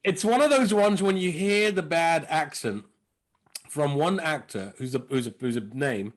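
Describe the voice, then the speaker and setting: Animated man telling comedy stories. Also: on the high side, moderate pace. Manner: animated storyteller, slips into impressions. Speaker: comedian and impressionist guest. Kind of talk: casual interview chat.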